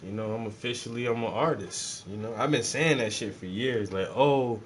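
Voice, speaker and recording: A man's voice: lowish voice, a little fast, fairly bright tone, a little hiss or hum. A man, chatting casually and profanely while he paints, joking and rambling to his viewers. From South Carolina.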